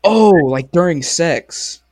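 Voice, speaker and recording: Young male co-host, crude and animated storyteller, dead-dry recording. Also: a little high, slow pace, no room sound. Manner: crude, swears often, retells stories animatedly. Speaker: podcast co-host. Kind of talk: casual chat.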